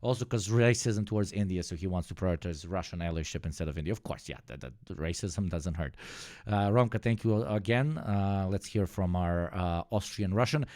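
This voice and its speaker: Low-voiced male streamer, dry close mic, sarcastic and swearing. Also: fairly quick, darkish tone, dry recording. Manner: sarcastic, profane, emphatic. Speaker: streamer host. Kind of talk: live stream commentary.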